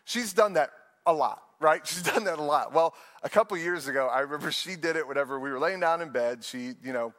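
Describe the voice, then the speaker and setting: A young man, a pastor, preaching a sermon with animated storytelling and playful asides. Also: on the high side, fairly quick, long reverb tail.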